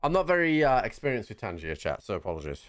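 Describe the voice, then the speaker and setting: British man, game streamer, lively pitch, chatty, laughs a lot. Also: fast. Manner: chatty, laughing, restarts often. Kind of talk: casual livestream chat.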